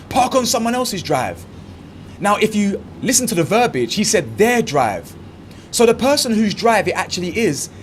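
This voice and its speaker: A man's voice: on the high side, a little hiss or hum. A man hosting his own commentary channel, ranting in a blunt, mocking, slangy way.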